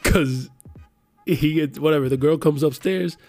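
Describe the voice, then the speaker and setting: A man's voice: a little high, unhurried, faint music behind. A man in his thirties from the Miami area, telling a profane story in casual chat and acting out the voices of the people in it. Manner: profane, animated storyteller who acts out quotes.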